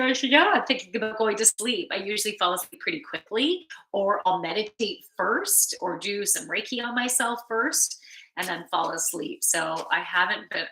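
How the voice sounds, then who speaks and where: A woman with a bright, ringing voice gives a relaxed, sleepy card reading on a live stream. She rambles easily and answers viewers' chat between readings. Her voice echoes around the room she is in. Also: mid-range voice, a little hiss or hum. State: sleepy, yawning. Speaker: spiritual card reader and yoga teacher.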